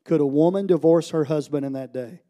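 A man from the United States preaching a sermon, telling a story and swinging from hushed, slow lines to loud, emphatic ones. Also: on the high side, dull audio. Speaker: pastor.

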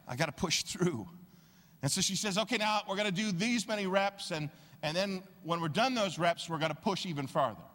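A man preaching a sermon as pastor, telling stories with animated, acted-out quotes. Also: fairly high pitch, long reverb tail. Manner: animated storytelling, acts out quoted voices.

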